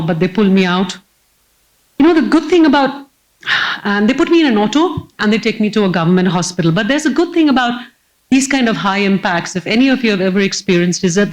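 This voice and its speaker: A woman with a medium-pitched voice gives a humorous keynote onstage, sharing personal stories before a live crowd in a lively, self-deprecating way. The recording is low quality.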